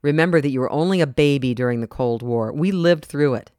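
A reader voicing a calm, firm middle-aged mother in a storybook. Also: mid-range voice, fairly quick, clear, resonant tone, no echo, studio quality, lightly acted. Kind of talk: storybook narration.

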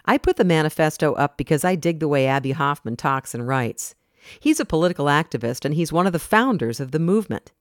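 A reader voicing an idealistic teenage girl in a storybook, talking earnestly and forcefully about protesting. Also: medium pitch, expressive, brisk, no echo, clean studio sound, lightly acted. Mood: enthusiastic. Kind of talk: storybook narration.

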